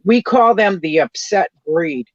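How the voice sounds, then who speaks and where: A woman's voice: on the low side, expressive, unhurried, dry recording, highs cut off. A woman from New Hampshire with a strong Boston accent, chatting casually and bluntly. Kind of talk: casual chat.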